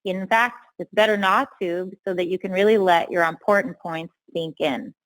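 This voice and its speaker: A woman communication coach speaking with measured, deliberate emphasis. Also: fairly low pitch, rough recording. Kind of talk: instructional talk.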